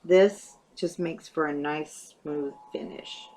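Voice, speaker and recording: A woman's voice: deep voice, steady tone, takes it slowly, dark tone. A woman casually talking through a paper craft project step by step, thinking aloud as she works. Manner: chatty, thinks aloud while working. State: hiccups. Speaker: craft tutorial host.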